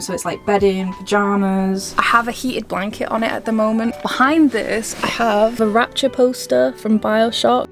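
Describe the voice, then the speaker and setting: A woman vlogger giving a chatty, self-deprecating tour of her attic bedroom, rambling into casual asides. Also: mid-range voice. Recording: background music under the voice. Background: background music.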